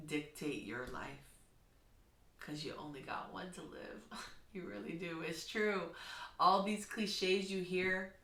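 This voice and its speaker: Far from the microphone in an echoey room, a woman who teaches kindergarten talks to camera in a heartfelt vlog. Her low voice is earnest and encouraging, with a gently instructive manner.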